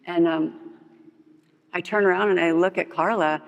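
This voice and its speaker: A woman's voice: normal speed, vocal fry, highs cut off. Candid woman telling her story in a hall. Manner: animated storyteller who acts out others' lines in a higher voice; frequent "like" fillers, candid and humorous. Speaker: speaker sharing her recovery story. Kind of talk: personal testimony at a recovery meeting. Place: large meeting hall with long reverb. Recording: reverberant hall recording.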